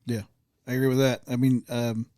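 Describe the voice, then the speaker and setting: Halting podcast co-host man, dry mic. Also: medium pitch, flat delivery, warm tone, dry recording. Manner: halting, many fillers and restarts. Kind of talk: casual chat.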